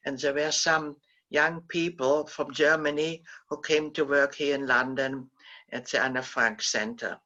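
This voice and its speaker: Older woman, halting gentle storytelling. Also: sits low, fairly even intonation, dull audio. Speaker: guest speaker, Holocaust survivor. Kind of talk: recounting personal memories in a talk.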